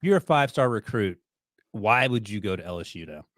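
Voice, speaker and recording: A male co-host of a sports podcast who talks very fast and tosses off wry jokes. His voice sits at a middle pitch and sounds dry and close. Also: very animated, a bit bright, dry recording. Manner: quick, wry, joking. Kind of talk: casual sports podcast chat.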